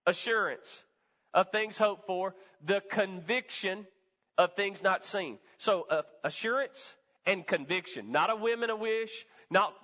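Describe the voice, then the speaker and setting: A man's voice: high voice, pushed and bright. A male pastor preaching a sermon in a church, with emphatic call-and-response delivery. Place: church sanctuary. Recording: reverberant hall, dull lo-fi sound.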